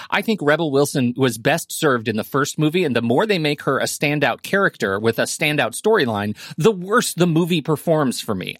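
A man's voice: fairly high pitch, fairly bright tone, no echo, studio quality. A man co-hosting a movie podcast, giving strong opinions and repeating words for emphasis. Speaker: podcast co-host. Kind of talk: casual movie review chat.

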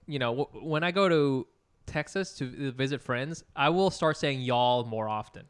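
A man's voice: medium pitch, moderate pace, clear, resonant tone. A man co-hosting a casual podcast chat, laid-back and joking with his guest. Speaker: podcast co-host.

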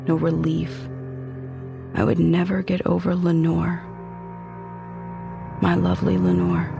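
A man narrating a dark first-person story in an intense, brooding, theatrical way. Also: fairly high pitch, gravelly, lo-fi sound.

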